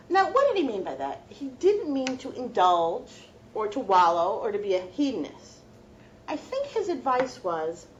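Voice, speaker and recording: A woman's voice: sits high, highs cut off, slight background noise. A middle-aged woman, a law professor, giving a heartfelt, reflective personal lecture to students.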